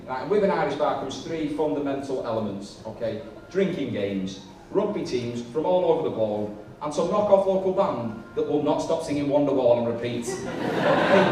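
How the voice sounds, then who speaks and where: A man's voice: fairly high pitch, far from the mic, background noise. A young man doing a stand-up set, chatty and self-mocking, swearing freely, with an audience laughing. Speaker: stand-up comedian. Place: comedy club with a live audience. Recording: echoey room, mic from afar.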